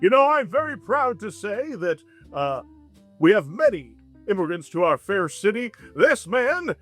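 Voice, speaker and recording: Man doing a high, showy, pompous politician, all handshakes and speeches. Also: big pitch swings, unhurried, fairly bright tone, faint music behind, full character voice. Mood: effusive. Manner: booming, effusive speechmaking. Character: pompous glad-handing male city mayor.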